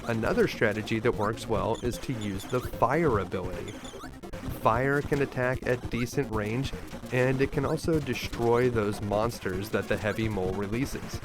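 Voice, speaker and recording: A man host narrating a scripted video game walkthrough in an upbeat, lightly joking way, over clear game music. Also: mid-range voice, moderate pace.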